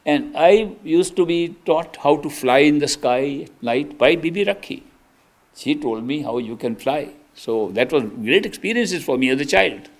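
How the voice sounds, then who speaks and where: An older man giving an earnest sermon as a spiritual teacher, telling stories with emphatic restarts. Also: on the high side. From India. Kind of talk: storytelling sermon.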